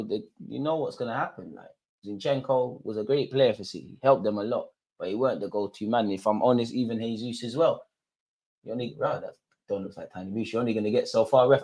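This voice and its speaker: A young man hosting a live football watch-along, reacting as a partisan fan and talking straight to his viewers in street slang. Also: medium pitch. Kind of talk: live fan commentary on a match.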